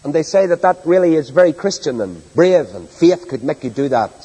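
A man's voice: big pitch swings, brisk, husky. Impassioned preacher, man, echoing hall. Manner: impassioned, soaring to loud high peaks then dropping low and quiet; rhetorical questions to the congregation. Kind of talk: sermon.

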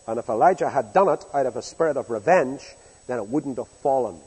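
Husky preacher man in a reverberant hall. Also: medium pitch, expressive, a little fast. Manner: folksy storytelling, acting out sarcastic soldiers, big swings in loudness. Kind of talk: sermon.

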